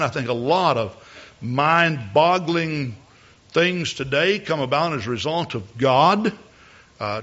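A man's voice: fairly high pitch, fairly bright tone, dull audio. A male preacher giving a sermon from the pulpit, often repeating words as he builds a point and rising to emphatic peaks. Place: church pulpit.

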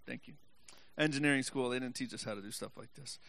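A man preaching a sermon, reading scripture slowly, joking with the congregation, and rising to impassioned shouts. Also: medium pitch, creaky, no room sound.

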